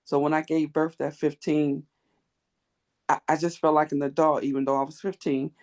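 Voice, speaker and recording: A woman's voice: deep voice, level tone, moderate pace, darkish tone. A woman in her forties, joining an online group talk over a video call and candidly sharing a personal turning point. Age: 40s. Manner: earnest, candid. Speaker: participant.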